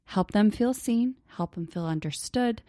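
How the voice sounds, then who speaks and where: A woman therapist co-hosting a parenting podcast, calmly explaining a method and softly acting out gentle example phrases. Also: medium pitch, unhurried, dry recording, clean studio sound. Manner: calm, explanatory, slips into soft hushed example phrases. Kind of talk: casual teaching on a parenting podcast.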